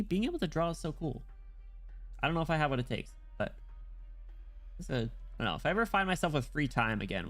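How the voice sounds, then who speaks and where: An excitable man streaming, chatting loosely with mid-range pitch. His voice jumps into sudden high squeals, and faint music plays beneath. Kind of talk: casual livestream chat while reading a game story.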